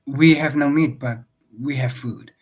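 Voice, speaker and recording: A man's voice: mid-range voice, fairly even intonation, measured pace, breathy edge. A man voicing a stiff, indignant Victorian settler husband who makes pompous demands.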